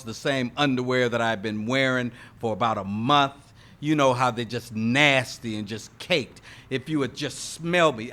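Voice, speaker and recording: In a meeting hall before a live audience, a man gives his recovery testimony at AA in a mid-range voice. A lively storyteller, he addresses the room with "y'all" and "right?", growing emphatic and rising to loud punches.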